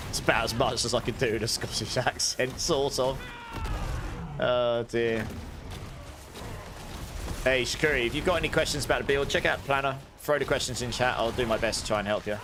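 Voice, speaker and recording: A man streaming a game and chatting with live viewers, talking loudly with audible breaths between sentences into a high-gain desk mic. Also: fairly even intonation, a little fast, long pauses. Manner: rambling, self-correcting chatter. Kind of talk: casual chat with live viewers. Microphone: desk studio mic with high gain. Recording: clear background noise.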